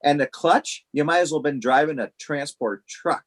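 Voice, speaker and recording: A man telling a story on a casual podcast, animated and laughing as he goes. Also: a little high, moderate pace.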